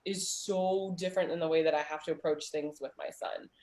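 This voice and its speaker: A woman's voice: deep voice, steady tone, fairly quick, a little mellow. Woman host, 30s, rambling storyteller, roomy video-call sound. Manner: chatty storyteller, many "like" fillers, laughs often. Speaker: host of a small business community chat. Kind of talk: casual video chat.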